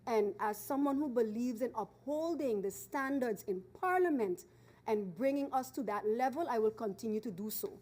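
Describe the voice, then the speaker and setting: A woman member of parliament, giving an earnest formal speech from a desk microphone in the chamber, slowing down and repeating phrases for emphasis. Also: on the high side, expressive, a little mellow. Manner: earnest, emphatic, stresses key phrases slowly and repeats for force.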